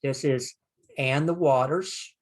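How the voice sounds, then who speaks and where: An older man teaching a Bible Hebrew lesson, slowly sounding out Hebrew words and explaining them with frequent pauses. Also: medium pitch. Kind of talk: screen-share lesson.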